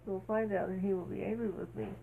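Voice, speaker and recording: A woman's voice: mid-range voice, fairly even intonation, fast, gravelly, close to an everyday voice. A woman reading the lines of a sly young man in a plain read-aloud voice. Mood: anxious. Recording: tinny phone-like sound, faint hiss.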